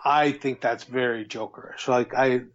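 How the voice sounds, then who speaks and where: Profane, excitable man reviewing a film. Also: medium pitch, normal speed, highs cut off. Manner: profane, excitable, acts out scenes. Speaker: podcast co-host. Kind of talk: casual movie review chat.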